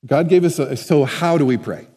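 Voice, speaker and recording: Guy preaching to his church, chatty, keeps asking the crowd stuff, warm mellow voice, echoey hall. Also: fairly high pitch, normal speed, husky. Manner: conversational, asks the congregation questions. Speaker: pastor. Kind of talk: sermon. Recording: long hall reverb.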